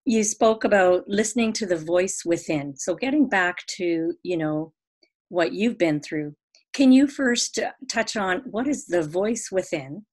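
A woman's voice: on the low side, expressive, measured pace. A woman hosting an interview, asking her guest questions and praising her answers, with frequent fillers. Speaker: podcast host.

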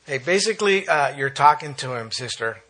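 A man preaching a sermon, reading scripture aloud and breaking off into animated exclaims. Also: medium pitch, normal speed.

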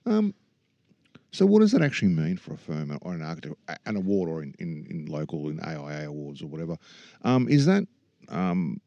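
A man's voice: sits low, sing-song, a little fast, mellow, dry recording. A man, hosting a podcast, curious and prompting his guest in casual interview chat. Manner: curious, short prompting replies. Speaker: podcast host. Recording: dry, dull lo-fi sound.

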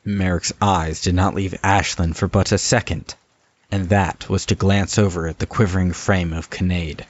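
A man giving steady, scripted story narration. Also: sits low, moderate pace. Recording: dull lo-fi recording.

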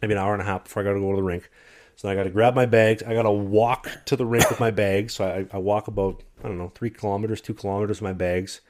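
A man telling a long story in casual conversation, animated, and acting out what other people said. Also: lowish voice, fast talker. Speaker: guest telling a travel story.

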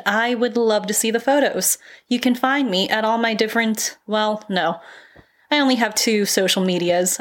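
Woman, podcast host; casual solo chat, self-deprecating, laughs easily. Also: mid-range voice.

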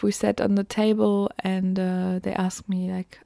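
German-accented woman, podcast host; slow reflective monologue, gravelly, dry close sound. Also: medium pitch, little pitch movement, dark tone, no echo. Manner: slow, reflective, many ums.

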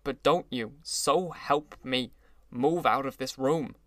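A man voicing a gloomy, sentimental older gangster, speaking slowly and with heavy emphasis. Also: medium pitch, bright, forceful tone, no room sound, clean studio sound. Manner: brooding, slow, emphatic.

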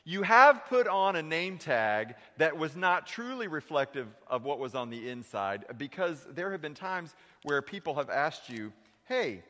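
A man preaching a sermon in a church, shifting between lively questions and hushed, heavy confessions. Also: normal speed, few pauses. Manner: preaching with dramatic voice shifts, dropping low and quiet for confessions. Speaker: pastor. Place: church sanctuary. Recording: long reverb of a sanctuary.

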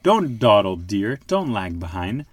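A man voicing a brisk father duck in a children's storybook, urging and hurrying. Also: lowish voice, sing-song, husky, heavily acted.

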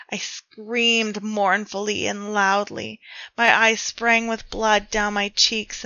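Bright-voiced woman reading dark fiction. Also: mid-range voice, no room sound, highs cut off. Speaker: storyteller. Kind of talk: reading her own dark fiction aloud.

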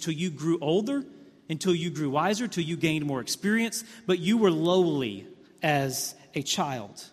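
A male pastor preaching a sermon, telling the scene like a story, with many repeated words and swings from hushed to emphatic. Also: fairly high pitch. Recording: long hall reverb.

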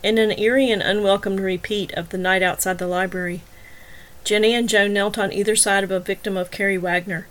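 A woman narrating a novel in a measured, even voice at a middle pitch. She tells the story steadily, line by line. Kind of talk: scripted audiobook narration.

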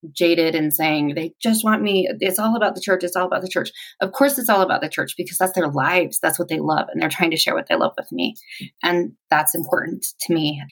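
A woman in her forties telling her personal story in an interview, reflective and halting, with pauses. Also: fairly low pitch, a bit bright, poor audio.

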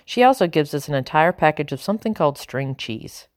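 Give me a calm low-voiced woman narrating a storybook, dry and close. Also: brisk, no room sound. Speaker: audiobook narrator.

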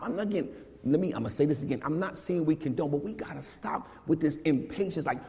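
Brief: pastor, man, slightly high voice, loose and slangy delivery, sermon in a big reverberant church. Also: fairly quick, gravelly. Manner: animated, slangy, conversational preaching. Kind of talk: casual, lively sermon. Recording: long hall reverb.

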